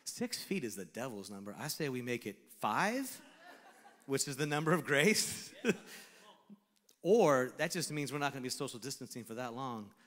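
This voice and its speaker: A man preaching a sermon as pastor, animated, swinging between shouted lines and hushed asides. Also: medium pitch, moderate pace, in a large hall. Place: church sanctuary.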